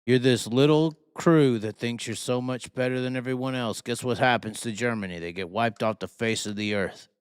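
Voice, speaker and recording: A man's voice: medium pitch, normal speed, few pauses, smooth, no echo, studio quality. A man hosting a live talk show, ranting heatedly with constant swearing and rhetorical questions. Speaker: host. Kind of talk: profane live-stream rant.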